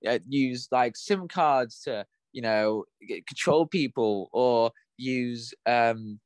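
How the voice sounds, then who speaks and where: A man co-hosting a podcast, chatting casually and excitedly with lots of fillers. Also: medium pitch, slow pace, dry recording. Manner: excitable, animated, many "like"s and fillers. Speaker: podcast co-host. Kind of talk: casual chat.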